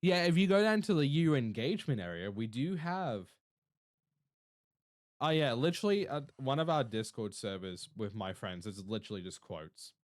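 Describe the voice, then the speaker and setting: A man's voice: mid-range voice, animated, normal speed, no room sound. A man streaming live, chatting casually and jokily with his viewers and laughing often. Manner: laid-back, jokey, talks to chat, laughs often. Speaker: Twitch streamer.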